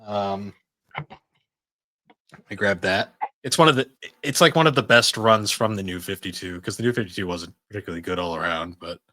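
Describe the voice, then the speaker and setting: A man's voice: on the low side, moderate pace, pushed and bright, slight background noise. A young adult man co-hosting a podcast in casual chat, rambling and swearing freely. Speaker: podcast co-host.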